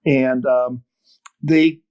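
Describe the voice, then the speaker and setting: An older man from northern Wisconsin telling a long story in an interview, animated and full of restarts. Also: mid-range voice, very slow, smooth, muffled recording. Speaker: podcast guest, fishing TV host. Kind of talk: storytelling interview over a call.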